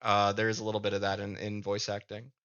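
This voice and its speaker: A man with a Midwestern accent rambles casually to his stream audience, often stalling and repeating words mid-thought. His voice sits somewhat low, with a bright, forceful edge. The sound is muffled and lo-fi. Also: monotone. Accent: Midwestern American. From American Midwest. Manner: halting, repeats words while thinking aloud. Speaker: live streamer and comic creator. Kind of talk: casual live-stream chat.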